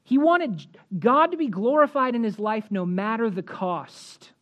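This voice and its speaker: A woman preaching a sermon, walking through scripture verse by verse and rising in pitch and force at emphatic points. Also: expressive, muffled recording. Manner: rises in pitch and volume at emphatic points, slows for key phrases; expository, walks through verses.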